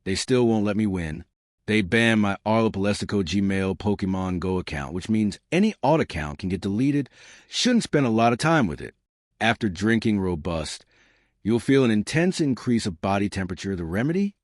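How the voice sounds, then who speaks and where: A man's voice: lowish voice, sing-song, moderate pace, no echo, clean studio sound. A man hosting his channel, speaking in a disjointed monologue that jumps between tips and numbered lists. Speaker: channel host.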